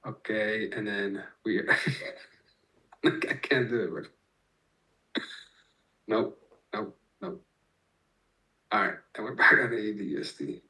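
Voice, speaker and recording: A man hosts a live trading stream, talking his chat through chart setups step by step. His voice sits a little low with a bright, forward edge. He swears freely and calls out viewers. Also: animated, takes it slowly, long pauses, rough recording.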